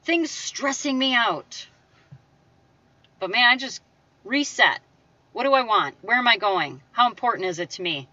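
A woman speaks in a bright, forceful voice, giving an emphatic motivational talk. She talks to the listener directly and acts out the voices she quotes. The sound is dry and slightly dull. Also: a little high, lively intonation, measured pace, pauses often, no room sound, distant mic. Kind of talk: motivational monologue.

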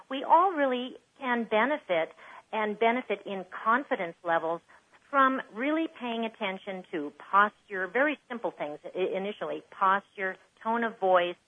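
A woman voice coach explaining how to speak well as a guest in an interview, with fillers and restarts. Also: medium pitch. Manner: warm explanatory, demonstrates voices. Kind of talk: interview over the phone. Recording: tinny phone line.

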